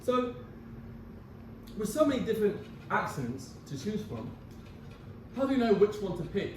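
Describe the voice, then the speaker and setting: A man's voice: sits high, very animated, moderate pace, far from the mic, a little hiss or hum. Man lecturing in an echoey hall. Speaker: lecturer, performer. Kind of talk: scripted lecture presentation. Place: performance venue.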